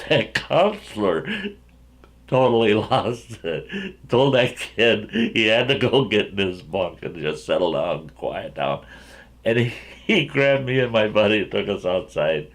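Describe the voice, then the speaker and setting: A folksy male storyteller with a gravelly, fry-heavy voice that sits fairly low. He rambles through a yarn and chuckles along the way, talking to his viewers like old friends. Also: expressive, measured pace. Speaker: storyteller, channel host.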